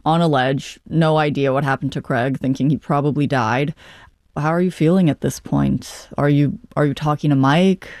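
Interviewer, measured recaps and questions, dry close-miked sound. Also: mid-range voice, darkish tone, dry recording.

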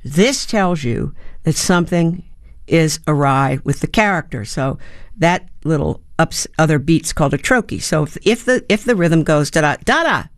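An American actor and playwright in her seventies answers interview questions reflectively, telling stories with fillers and restarts. Her voice is low, and the studio-quality recording has no room sound.

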